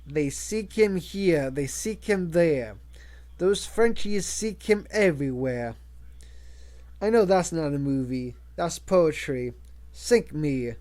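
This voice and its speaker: A man's voice: sits high, lively intonation, takes it slowly, darkish tone. A man voicing a chatty male grey parrot who mimics lines from films and other voices. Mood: theatrical.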